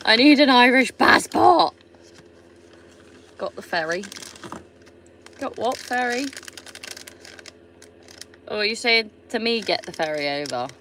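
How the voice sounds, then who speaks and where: A woman's voice: fairly high pitch, animated, slow, pauses often, a bit bright, a little hiss or hum. Sweary Somerset woman chatting on a livestream. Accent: Somerset English. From England. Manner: chatty and sweary, reading out viewer comments. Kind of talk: casual live-stream chat.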